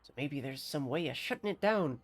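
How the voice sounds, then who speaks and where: A streamer voicing a jumpy, suspicious male farmer in a deliberately bad put-on accent, reading game dialogue aloud with a folksy, wary, grumbling manner. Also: medium pitch, very animated, close to an everyday voice. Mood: grateful.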